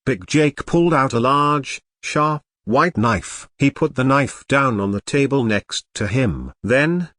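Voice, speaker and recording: A man's voice: mid-range voice, lively intonation, slow, hardly any pauses, a bit bright, no echo, clean studio sound. A man narrating a homemade story, reading expressively. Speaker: story reader.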